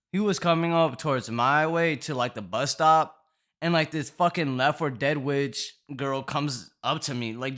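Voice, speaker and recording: A man's voice: medium pitch, fairly bright tone. A young man telling a storytime in casual, profane slang, rambling with constant fillers.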